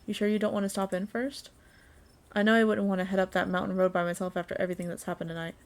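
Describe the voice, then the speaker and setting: A woman's voice: medium pitch, little pitch movement, fast talker, close to an everyday voice. A woman voicing a friendly young female companion who talks in an upbeat, encouraging way.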